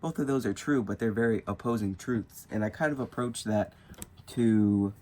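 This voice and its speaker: Low-voiced young man musing aloud. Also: moderate pace, darkish tone, slight background noise. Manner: rambling, thinking aloud, self-questioning. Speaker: spiritual vlogger. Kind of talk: casual musing monologue.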